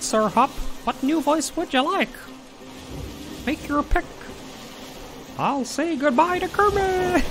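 A man putting on the high, excited voice of a male frog puppet while streaming a game. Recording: game music playing behind.

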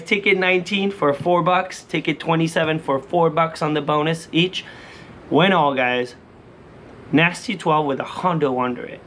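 A man hosting a lottery scratch-off vlog in excited casual commentary. He keeps calling out to his viewers and breaks into shouts and sing-song cheers when he wins. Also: on the high side, slight background noise. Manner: shouts and sing-songs when he wins, then drops back to calm chatter.

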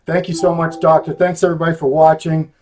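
Man, show host, fairly high voice, joking, laid-back banter, casual chat. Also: level tone, fast talker, a crowd in the background. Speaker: host, magazine editor.

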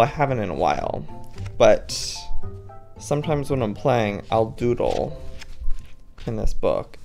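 A man hosting a gaming video, chatting to viewers in a playful, dramatic way as he plays. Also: mid-range voice. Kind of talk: Minecraft let's-play commentary.

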